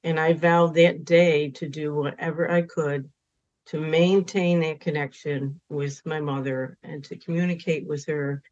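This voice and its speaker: A woman's voice: low voice, fairly even intonation, measured pace, a little mellow. A woman, a spiritual counselor, earnestly telling a personal story as a podcast guest, at times emphatic. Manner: earnest, emphatic in moments of feeling. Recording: dull lo-fi recording.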